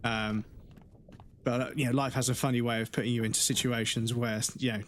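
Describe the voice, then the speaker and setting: Frank, sweary streamer. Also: male voice, medium pitch, little pitch movement, a little fast, a little hiss or hum. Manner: frank, rambling, heavy swearing. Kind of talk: casual chat while gaming on a livestream.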